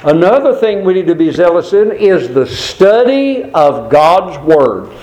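A man preaching a sermon, earnest and emphatic, asking the congregation rhetorical questions and reading scripture slowly and deliberately. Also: high-pitched, very animated, a little mellow, poor audio.

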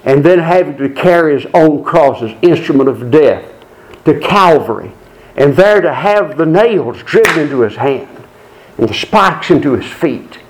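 A man delivers a sermon in a voice pitched a little above the usual for men. He speaks earnestly and deliberately. He lets slow, dramatic pauses hang between his phrases. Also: lively intonation, slight background noise, low-quality recording. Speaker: preacher.

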